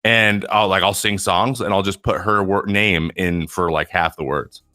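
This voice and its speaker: A man chatting casually on a podcast, an animated storyteller who mimics his teammates and plays with words. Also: deep voice, normal speed, no room sound, studio quality. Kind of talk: casual chat.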